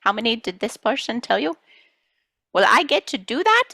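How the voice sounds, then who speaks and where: A woman's voice: fairly high pitch, big pitch swings, normal speed, creaky, dry recording, heavily acted. A woman channeling a playful collective of star beings who teases and reassures listeners, calling them children. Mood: reassuring. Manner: addresses listeners as children, gently scolding. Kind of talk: channeling session.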